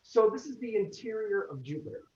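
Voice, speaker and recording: A man's voice: sits high, lively intonation, a little fast, a little mellow, slight background noise. A man lecturing on astronomy in an online class, informal and jokey, explaining step by step. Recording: dull lo-fi audio.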